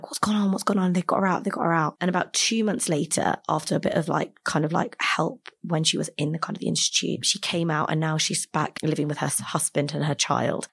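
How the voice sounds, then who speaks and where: A woman from Britain, a podcast guest, telling a story in a chatty, animated way with many "like" fillers. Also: on the low side, slightly rough. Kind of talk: casual storytelling interview.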